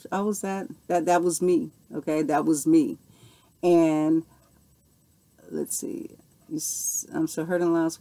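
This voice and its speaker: Earnest woman in her forties, lower voice. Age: 40s. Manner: earnest, animated storytelling with repeated "okay" and "you know". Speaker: spiritual vlogger answering viewer questions. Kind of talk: casual Q&A monologue.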